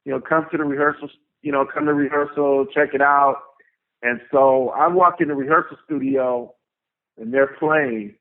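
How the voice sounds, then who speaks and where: A man's voice: medium pitch, fairly even intonation, normal speed. Profane, emphatic man on a tinny phone line. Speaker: guest, tour manager. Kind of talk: casual storytelling interview.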